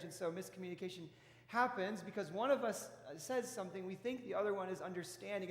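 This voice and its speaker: A pastor with a high voice for a man preaches in a folksy, chatty way, stumbling and restarting as he tells his stories. His words ring out through a roomy church hall with a long reverb. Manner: folksy storytelling with frequent restarts. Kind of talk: conversational sermon.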